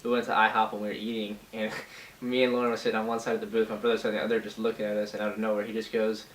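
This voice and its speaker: A man's voice: on the low side, monotone, racing. A man in his twenties telling a casual storytime in a laid-back, teasing way, full of fillers like "you know" and "uh". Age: 20s. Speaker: vlogger. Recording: roomy sound, distant mic, faint hiss.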